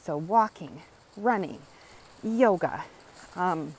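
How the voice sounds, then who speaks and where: A woman's voice: fairly low pitch, expressive, slow pace, darkish tone, slight background noise, poor audio. A woman educator explaining in a casual, earnest teaching monologue, often repeating phrases and checking in with "right?". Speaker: wellness educator.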